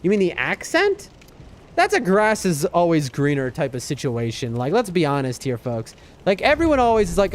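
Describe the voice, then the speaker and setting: A man's voice: a little high, huge pitch swings, a little fast, a little hiss or hum. A man from the East Coast of the United States, a gaming streamer rambling in casual chat with his viewers, whom he calls folks. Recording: game music under the voice. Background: game music.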